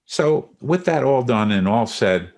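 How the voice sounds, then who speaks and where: A man's voice: medium pitch, expressive, unhurried, vocal fry, darkish tone, slight background noise. A middle-aged man hosting a casual podcast conversation, affirming and guiding the talk. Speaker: podcast host.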